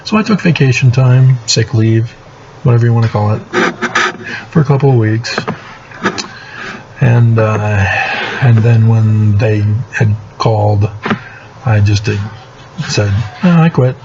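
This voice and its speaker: Slow, low-voiced aggrieved man. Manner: aggrieved, sardonic, halting with many fillers. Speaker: vlogger telling his own story. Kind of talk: casual monologue. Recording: muffled lo-fi recording with steady background noise.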